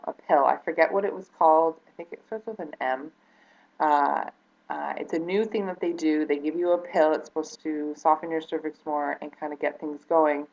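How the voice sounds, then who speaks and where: Speaking straight into the lens for a personal vlog, a woman with a deep, gravelly, darkish low voice sounds earnest and close to crying. She stumbles, restarts and fills gaps with lots of ums, all captured in dull, lo-fi audio reminiscent of an old 2012 webcam.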